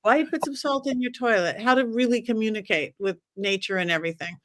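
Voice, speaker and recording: A woman's voice: on the high side, quick pace, a bit bright, dry recording. A woman guest on a podcast, speaking casually and enthusiastically, rambling through ideas and plans. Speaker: psychic guest.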